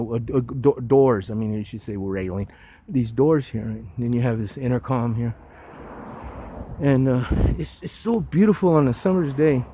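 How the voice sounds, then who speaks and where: A man's voice: medium pitch, darkish tone, a little hiss or hum, rough recording. An older man volunteering to clean up litter, giving a rambling, enthusiastic casual walking tour outdoors on a hillside road, full of stumbling restarts.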